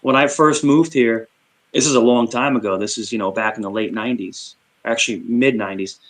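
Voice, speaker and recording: A middle-aged stream panelist from Queens, speaking with a New York accent, chats casually in a group conversation on a stream. His mid-range voice swings between rapid bursts and a slow, calming delivery, packed with fillers, on a rough recording.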